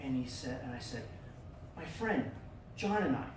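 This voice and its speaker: A middle-aged man giving a personal storytelling speech at a club meeting, animated and acting out the voices of the people in his story. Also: mid-range voice, moderate pace, noisy background. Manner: animated, acts out quoted voices. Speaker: club speaker. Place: meeting room. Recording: echoey room from far off.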